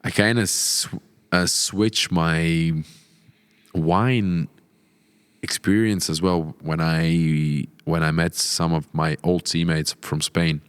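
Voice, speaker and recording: Latvian accented guy hosting, really deep monotone, smooth, kinda halting. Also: dry recording. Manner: hesitant, halting speech. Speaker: podcast host. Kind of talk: casual interview chat.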